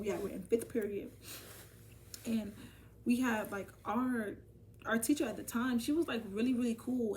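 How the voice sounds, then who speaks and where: Animated young woman telling a story, off-mic. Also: mid-range voice, far from the mic. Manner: animated, profane, addresses viewers as y'all. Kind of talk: casual storytime vlog. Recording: voice from off the mic, faint ambient noise.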